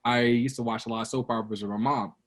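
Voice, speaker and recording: A man in his thirties from Brooklyn telling stories as a guest on an interview show. His voice sits at an everyday middle pitch. He talks casually and gets animated when he acts out the people in his stories. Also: fast talker. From Brooklyn, New York. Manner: animated storyteller, acts out quotes with a raised voice.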